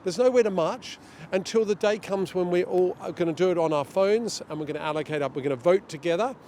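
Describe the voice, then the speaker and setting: A middle-aged man being interviewed outdoors, talking in an animated way and acting out what others say. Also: high voice, a little fast, slight background noise. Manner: animated, storytelling, acts out quotes. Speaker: guest, director of a global governance group. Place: outdoors near a street demonstration.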